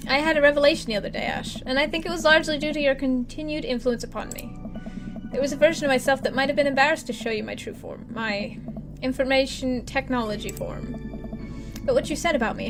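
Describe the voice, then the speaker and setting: A woman voicing a soft-spoken gothic man with formal, Victorian manners, talking slowly and quietly, with game music behind. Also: high voice. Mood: mannered. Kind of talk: let's play voice acting.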